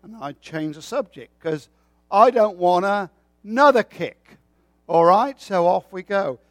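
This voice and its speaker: A man's voice: sits high, lively intonation, unhurried, no room sound. A man preaching a sermon with a folksy, joking way of telling stories.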